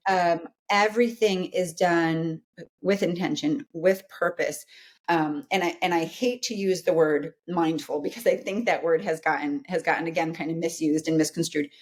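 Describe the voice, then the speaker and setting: In a relaxed interview, a woman in her forties who works as a psychologist speaks earnestly at normal speed in a voice on the low side. She explains her points and often adds "right?" to check in.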